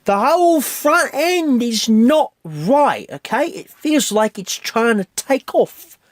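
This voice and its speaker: A man's voice: very high-pitched, animated, takes it slowly, no echo, studio quality, pitched above the performer's own voice, exaggerated voice. A man putting on an exaggerated British accent to play a cocky, boastful male race driver. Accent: put-on British. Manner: brash, exaggerated, overbearing.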